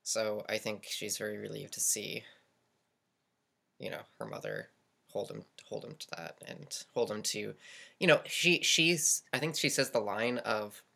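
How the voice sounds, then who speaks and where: A woman's voice: very deep voice, animated, unhurried, vocal fry, sharp tone. A woman chatting casually on a podcast, with stumbling starts before she makes firm points. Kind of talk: casual chat.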